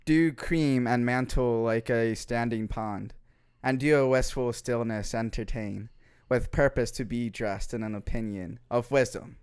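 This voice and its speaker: A man reading Shakespearean verse aloud for the first time, slowly and haltingly, unsure of the words. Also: medium pitch, steady tone, a little mellow, clear, resonant tone, natural voice. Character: young male Shakespearean hero, read haltingly. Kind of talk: stumbling first read of Shakespeare.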